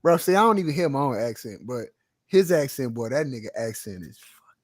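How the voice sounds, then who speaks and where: A man's voice: mid-range voice, expressive, a little fast, dry recording, studio quality. A Texan man in a casual boxing chat, laid-back, laughing often and trailing off mid-thought. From Texas. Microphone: phone call.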